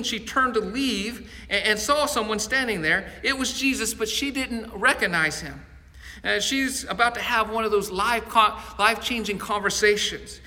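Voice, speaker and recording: A man's voice: high-pitched, sharp tone, big-room sound. A male pastor preaching a sermon in an earnest storytelling manner, often repeating words as he goes.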